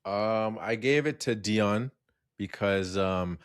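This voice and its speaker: Laid-back low-voiced man on a podcast. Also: takes it slowly, clear, resonant tone, no echo, studio quality. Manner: relaxed, agreeable, laughs a lot. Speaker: podcast co-host. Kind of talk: casual film discussion.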